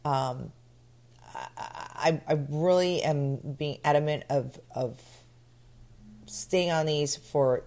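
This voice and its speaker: Middle-aged woman co-host, deep for a woman, breezy and teasing. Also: takes it slowly, pauses often, a little mellow. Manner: chatty, sarcastic, talks openly about prices. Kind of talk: casual chat.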